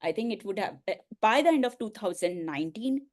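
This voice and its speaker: A middle-aged woman, a coach and speaker, telling a personal story in an interview, earnest and emotional with soft laughs. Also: mid-range voice, animated, brisk.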